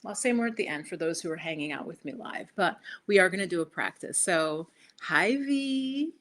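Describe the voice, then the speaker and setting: A woman's voice: lowish voice, lively intonation, moderate pace, a bit bright. A woman hosting a casual live stream for her yoga channel, chatty and rambling, laughing at herself as she talks into her laptop. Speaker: yoga and meditation host. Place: indoors, home set-up with laptop.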